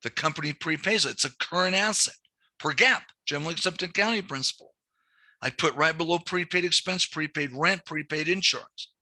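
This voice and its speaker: A man's voice: on the high side, brisk, sharp tone, dry recording. A middle-aged man teaching commercial lending, lecturing in a conversational way with frequent restarts. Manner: conversational, repeats words and restarts. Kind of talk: classroom lecture with anecdotes.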